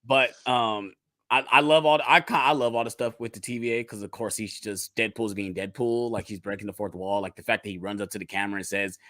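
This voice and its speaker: Brief: male podcast co-host, bright voice, dry close sound, excitable casual chatter. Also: lowish voice, fast, no echo. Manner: excitable, laughing while retelling scenes. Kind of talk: casual chat.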